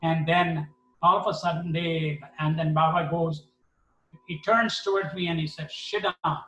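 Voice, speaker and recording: A man's voice: on the high side, unhurried. A middle-aged man telling a personal story at a devotional gathering, acting out the dialogue. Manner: animated, acts out dialogue. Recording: echoey hall, mic at a distance.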